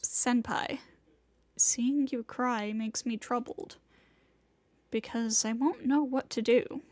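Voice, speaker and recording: A woman reading as a gentle teenage boy. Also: fairly high pitch, steady tone, slow pace, dry recording. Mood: tender. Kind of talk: dramatic reading of a visual novel.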